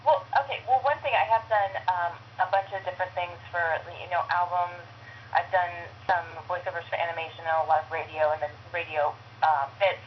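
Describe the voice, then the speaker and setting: Lowish woman voice actress telling stories on a speakerphone, muffled line, bit of hiss. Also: brisk. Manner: animated storyteller, many fillers. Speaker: guest, voice actress. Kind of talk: casual phone chat.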